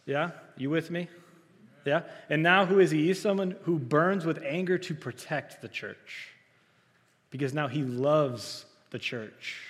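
A man preaching a sermon, self-described as soft-spoken and trying to project, who keeps asking the congregation questions and gives loud, emphatic readings of quoted lines. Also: a little high, unhurried, in a large hall. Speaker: pastor. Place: church sanctuary.

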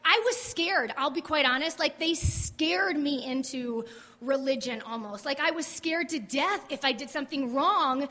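Chatty high-voiced woman in a reverberant hall. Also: unhurried, sharp tone. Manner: chatty, candid, fillers like "like". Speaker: guest sharing testimony. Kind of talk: casual testimony on church stage. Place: church service.

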